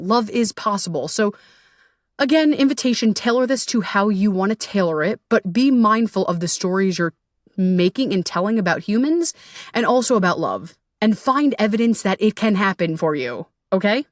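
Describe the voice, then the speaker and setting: A young woman hosting a solo podcast as a relationship coach, talking candidly and casually, swearing freely, with animated jumps into quoted voices. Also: medium pitch, normal speed, no room sound, studio quality.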